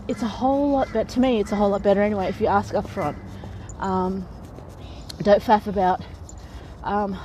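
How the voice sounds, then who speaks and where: A woman's voice: fairly high pitch, dark tone, slight background noise, rough recording. Chatty woman giving frank advice. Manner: chatty, frank, often laughs mid-sentence. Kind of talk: casual advice talk to camera.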